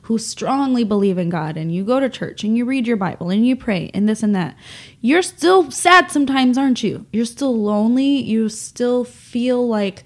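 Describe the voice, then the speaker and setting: A woman's voice: a little high, lively intonation, normal speed. A young woman hosting a solo podcast, talking openly and emotionally, rambling with many fillers, nasal and close to tears. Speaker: podcast host.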